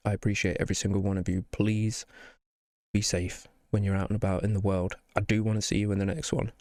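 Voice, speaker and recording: A man's voice: fairly low pitch, little pitch movement, fast talker, darkish tone, no room sound, studio quality. A man hosting a reaction video, earnest and encouraging, emotional after having cried. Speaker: reaction channel host. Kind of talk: heartfelt reaction video sign-off.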